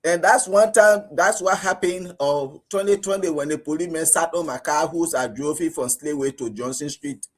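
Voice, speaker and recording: Liberian male panelist, husky voice a touch high, animated radio commentary. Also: moderate pace, few pauses. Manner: animated, rising pitch when outraged, acts out police exchanges.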